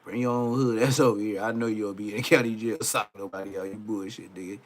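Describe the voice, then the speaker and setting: A man's voice: lowish voice, steady tone, brisk. A man giving casual reaction commentary on a video, profane and mocking, who laughs often. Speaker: reaction streamer.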